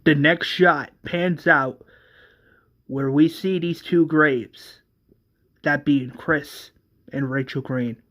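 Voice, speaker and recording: Slow, halting male storyteller. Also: fairly high pitch, steady tone, a bit bright. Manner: halting, repeats words while narrating. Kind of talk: retelling a fan series scene by scene.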